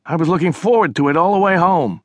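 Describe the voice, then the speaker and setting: A woman's voice: lowish voice, quick pace, no echo, voice pushed up, close to an everyday voice. A male narrator voicing an exasperated woman who scolds her brother in an indignant, raised voice for an audiobook. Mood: annoyed.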